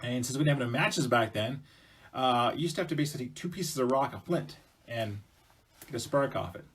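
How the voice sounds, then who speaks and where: Husky-voiced chatty male storyteller. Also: medium pitch, fairly quick. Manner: chatty, conversational, with asides to the listener. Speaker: storyteller presenting to schools. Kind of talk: casual oral storytelling.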